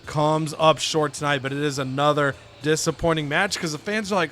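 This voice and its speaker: A man's voice: medium pitch, brisk, hardly any pauses, soft background music. A man casually narrating a wrestling management game playthrough, slipping into exaggerated voices for the wrestlers. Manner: animated, acts out wrestlers' lines in exaggerated voices.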